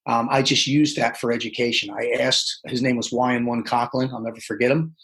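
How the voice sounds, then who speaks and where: A man telling his life story as a podcast guest, animated, acting out the people he quotes. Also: mid-range voice, fairly quick, low-quality recording. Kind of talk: casual storytelling interview.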